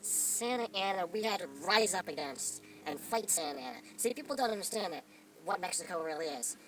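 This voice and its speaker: A man's voice: sits high, expressive, a little fast, a bit bright, far from the mic, faint music behind, rough recording. A man in character as a grandiose self-proclaimed real Mexican, lecturing and boasting in a rambling improvised comedy monologue outdoors among trees. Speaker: vlogger in character.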